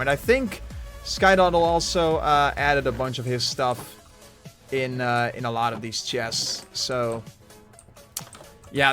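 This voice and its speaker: A man's voice: medium pitch, a bit bright. A man streaming a Minecraft world, chatting casually and rambling with many fillers and restarts over faint background music. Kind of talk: casual Minecraft livestream commentary.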